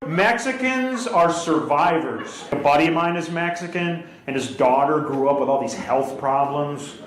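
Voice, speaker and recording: A man doing stand-up comedy, firing off punchy one-liners and quick asides to the crowd on a club stage. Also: a little high, animated. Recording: echoey club with loud audience laughter. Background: audience laughing and applauding.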